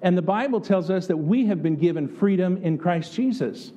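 A man's voice: high-pitched, animated, normal speed, mellow. A man from the United States preaching a sermon in an earnest, conversational way, often asking the congregation rhetorical questions. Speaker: pastor.

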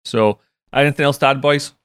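A man hosting a casual podcast chat, steering the talk in a relaxed, chatty way. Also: mid-range voice, fairly quick, smooth, dry recording, clean studio sound. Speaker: podcast host.

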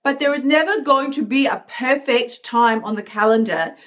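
Brief: higher-voiced woman, upbeat motivational coach, emphatic, plays out inner voices. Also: moderate pace. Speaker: host, coach. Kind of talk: motivational live stream talk.

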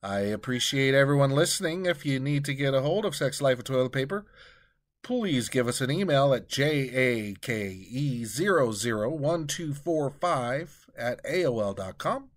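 A man hosting a comedy podcast and narrating a story in a deliberate, unhurried manner. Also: mid-range voice, animated.

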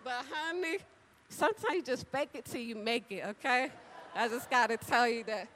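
A woman preaching an animated, chatty sermon, talking straight to the congregation and acting out little conversations. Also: fairly high pitch, moderate pace. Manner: animated, chatty, addresses crowd directly; acts out dialogue with big voice swings. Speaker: church speaker. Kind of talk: lively sermon with storytelling.

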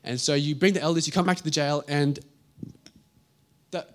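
Young male preacher, slightly high voice, animated storyteller who slips into character voices. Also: moderate pace. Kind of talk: sermon.

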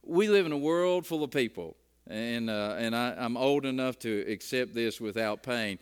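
A man's voice: medium pitch, moderate pace, clean tone. A middle-aged man preaching a sermon in a conversational way, often repeating words as he starts a phrase. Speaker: pastor.

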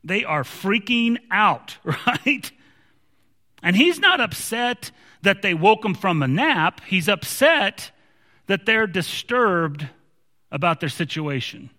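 A man with a high-pitched voice delivers an emphatic sermon, often doubling back on his words. His voice rings out with the long reverb of a large hall. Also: sing-song, slow pace, bright, forceful tone. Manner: emphatic, repeats words when restarting. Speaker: preacher.

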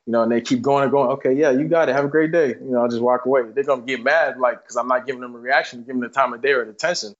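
A man's voice: mid-range voice, steady tone, fairly bright tone. A young man telling stories as an interview guest in a loose, casual way, full of fillers. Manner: fast, loose, many fillers like "you know what I'm saying". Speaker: football player guest. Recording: dull lo-fi podcast audio.

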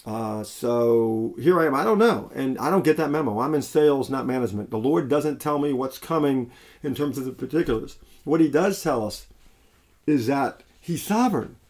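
A man's voice: mid-range voice, animated, normal speed, darkish tone. Conversational male preacher. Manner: conversational, many restarts and fillers. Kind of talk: sermon.

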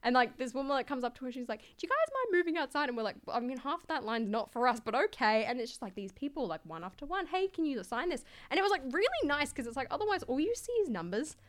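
Fast-talking Australian woman, chatty. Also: high voice, sing-song. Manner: chatty, fills every phrase with "like", acts out quoted voices. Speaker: guest, LEGO content creator. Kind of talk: casual podcast chat.

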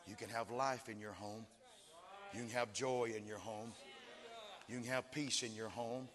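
A man preaching a sermon, emphatic and building to shouted cries. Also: mid-range voice, steady tone, unhurried, long pauses, in a large hall. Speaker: pastor.

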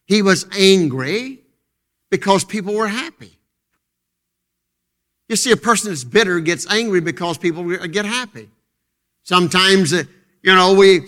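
A man preaching a fervent sermon from a church pulpit, moving between loud, emphatic declarations and hushed, intense passages, with a lot of repetition. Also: high voice. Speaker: pastor.

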